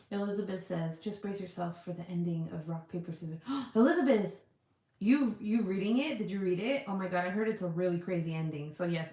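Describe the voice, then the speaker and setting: A woman's voice: fairly low pitch, darkish tone, reverberant. A woman hosting a casual livestream, chatty and profane as she answers viewer comments. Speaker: livestream host selling scented products. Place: indoor room.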